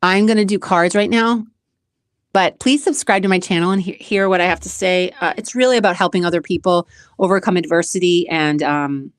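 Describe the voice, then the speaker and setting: A woman's voice: fairly low pitch, a little fast, clear, resonant tone, no echo, clean studio sound. A woman hosting her own channel, talking earnestly through a personal motivational monologue, repeating phrases for emphasis. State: close to tears at times. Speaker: channel host.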